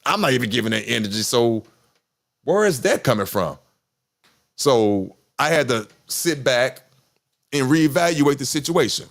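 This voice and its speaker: A man's voice: mid-range voice, animated, measured pace, gravelly, long pauses, fairly bright tone. A man, talking candidly in casual chat, rambling, repeating himself and swearing. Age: 50s. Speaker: podcast host.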